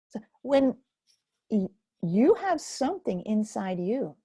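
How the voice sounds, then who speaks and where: Older woman webinar host; soft, reflective delivery, raspy with some fry. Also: medium pitch, big pitch swings, dry recording, studio quality. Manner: gentle, unhurried, reflective. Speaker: webinar host and focusing teacher. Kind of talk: live webinar, answering chat questions.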